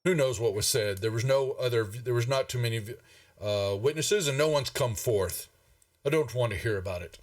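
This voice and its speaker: A man's voice: medium pitch, normal speed, recorded from a distance, close to an everyday voice. A man voicing a pompous, portly older male town master who blusters and brushes people off. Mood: dismissive. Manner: blustering, dismissive.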